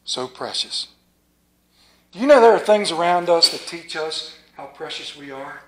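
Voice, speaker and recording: A man preaching a sermon as a pastor, folksy and playful with a rural Maryland accent, dropping to a hushed, reverent tone. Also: on the high side, animated, unhurried.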